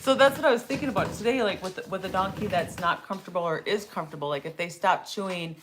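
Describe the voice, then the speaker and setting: A middle-aged woman explains donkey training on a relaxed live stream. Her voice sits a little low, and she talks in a chatty way and laughs often. A faint hiss runs under the recording. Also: quick pace. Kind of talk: casual live training talk.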